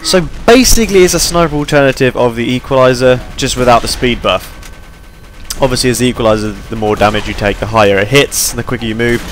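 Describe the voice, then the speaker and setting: Tired guy chatting away over his gameplay, mid-pitched voice, bit of hiss behind him. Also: fast talker. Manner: rambling, chatty, self-deprecating. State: tired and yawning. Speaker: gameplay commentator. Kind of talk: casual gameplay commentary.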